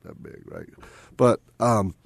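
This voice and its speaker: A man's voice: slow, no room sound. A man hosting a radio talk show, chatting casually and tagging his points with "right?" and repeated phrases.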